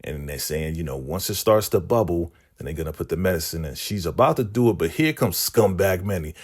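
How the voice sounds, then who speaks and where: A man casually recapping a TV episode and quickly putting on the voices of the characters he quotes. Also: low voice, animated, slightly rough. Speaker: recap channel host. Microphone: podcast microphone.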